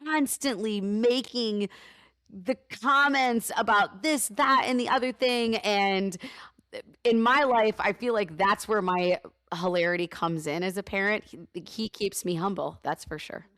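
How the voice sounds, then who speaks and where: A woman in her thirties, a radio host and guest, telling lively stories and acting out the voices of the people in them. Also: mid-range voice, unhurried, no echo, studio quality. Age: 30s. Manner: animated storyteller, acts out voices in quotes, laughs often. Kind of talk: casual interview chat, storytelling.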